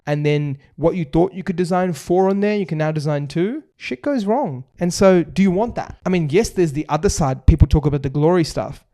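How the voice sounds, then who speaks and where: Aussie guy rattling off property tips on a podcast, emphatic, fast. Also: a little high, dark tone. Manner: emphatic, lists points in quick runs. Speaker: buyer's agency founder, guest. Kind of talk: fast explanatory podcast talk.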